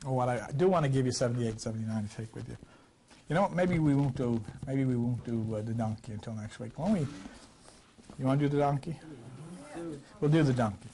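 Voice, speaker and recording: An older man teaching a scripture class in a rambling, conversational way, his voice a little rough from a recent cough and swinging between loud and quiet. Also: fast, slight background noise. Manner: rambling, conversational, with wide swings in pitch and loudness. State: recovering from a cough. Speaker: lecturer.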